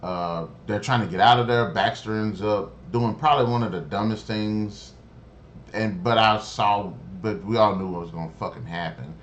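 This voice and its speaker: A man with a somewhat low voice rants through a casual episode review. He swears constantly, restarts his sentences and sounds openly exasperated. A faint hiss of noise sits under his voice. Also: moderate pace, muffled recording. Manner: profane, exasperated and rambling. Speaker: show reviewer.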